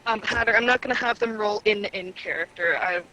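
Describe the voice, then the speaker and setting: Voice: medium pitch, a little fast, sharp tone, muffled recording. A tabletop game player chatting casually, stepping in and out of character, prone to giggling and restarting sentences. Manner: giggly, talks in restarts and fillers.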